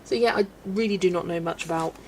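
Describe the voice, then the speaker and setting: A woman's voice: fairly low pitch, fast, a little hiss or hum. A woman from the UK hosting a casual colouring livestream, chatting and laughing as she reads out viewer comments. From United Kingdom. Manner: chatty, rambling, laughs often, reads chat aloud. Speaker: livestream host reading chat. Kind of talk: casual chat while colouring.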